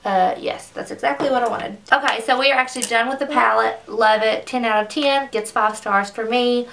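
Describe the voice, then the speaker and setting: A woman's voice: a little high, fairly even intonation, moderate pace, creaky, fairly bright tone, far from the mic, a little hiss or hum. A young woman reviewing makeup in a casual, gushing way, often saying "like," in a makeup room at home. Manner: chatty, gushing, says "like" often. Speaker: beauty vlogger.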